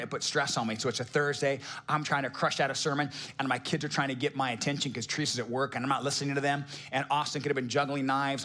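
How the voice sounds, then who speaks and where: A middle-aged male pastor preaching a sermon with a somewhat high-pitched voice. His delivery is casual and joking. He keeps turning to the congregation with rhetorical questions. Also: fairly bright tone.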